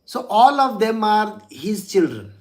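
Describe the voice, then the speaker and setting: A man's voice: sits high, sing-song, unhurried, darkish tone. A man, a spiritual teacher telling a religious story in a chatty way, with frequent chuckles and "you know" asides.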